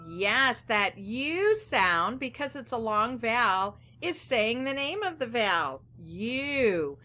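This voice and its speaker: A woman teacher giving a phonics lesson, speaking gently and directly to young children. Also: on the high side, very animated, takes it slowly, faint music behind.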